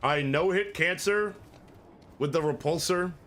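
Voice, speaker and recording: A man's voice: fairly high pitch, measured pace, a bit bright. A man streaming a game and chatting live with viewers, crude and joking as he rambles. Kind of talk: live gameplay commentary.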